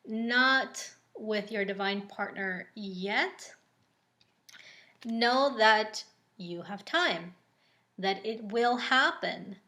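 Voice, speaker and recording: A woman talks through an oracle card reading at an unhurried pace, her pitch sitting in an ordinary middle range. She is casual and chatty, with frequent ums and likes. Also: pushed and bright. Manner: slow and unhurried.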